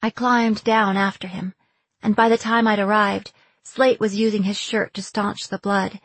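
A woman reading a first-person fantasy novel aloud, with measured, clear storytelling in a dry, close recording. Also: medium pitch, little pitch movement, no echo. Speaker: audiobook narrator.

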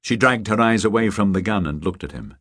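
A man narrating a thriller audiobook in a measured, even storytelling manner. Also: on the low side. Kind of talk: scripted narration. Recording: dry close studio sound.

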